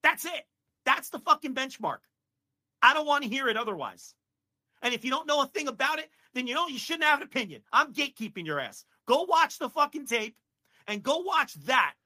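A man co-hosting a podcast, ranting with heated, profane excitement in casual chat. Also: very high voice, a little fast. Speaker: podcast co-host.

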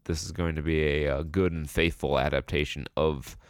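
Deep-voiced sarcastic podcast co-host. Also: male voice, fairly even intonation, moderate pace, clear, resonant tone, no room sound, studio quality. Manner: rambling, sarcastic, swears a lot. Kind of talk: casual chat.

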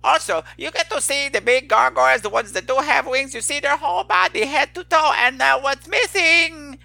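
A man's voice: very high-pitched, moderate pace, gravelly, sharp tone, faint music behind, heavily acted. A man voicing a boastful, crude male gargoyle who calls himself lord of the underworld, talking in a theatrical, gloating way and tripping over his words. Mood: ranting.

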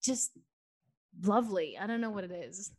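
A woman in casual chat, talking fast and loose with lots of "like" and "you know", a little tired. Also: medium pitch, animated, a little mellow.

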